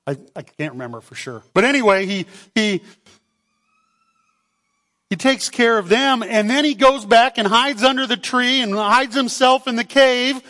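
Pastor preaching slowly to a congregation; high, lively male voice in a reverberant sanctuary. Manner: animated, calls for amens, acts out voices. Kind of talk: sermon. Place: church sanctuary. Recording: long hall reverb.

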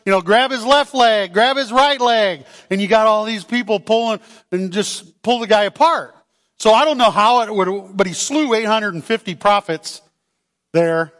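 High-voiced animated male preacher. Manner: animated, calls for amens, acts out voices. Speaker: pastor. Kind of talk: sermon. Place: church sanctuary. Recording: long hall reverb.

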